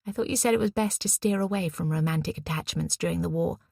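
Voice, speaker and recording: A weary young woman artist , voiced by a woman narrator, speaking in a soft, reserved, gentle tone. Her voice carries a husky, gravelly texture, recorded dry and close. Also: fairly low pitch, quick pace, dry recording.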